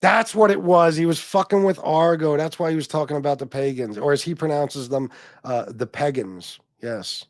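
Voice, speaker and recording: A man's voice: a little high, fairly even intonation, a little fast, dry recording, clean studio sound. A man hosting a livestream, chatting casually and rambling, swearing often and laughing as he reads comments from his viewers. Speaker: livestream host.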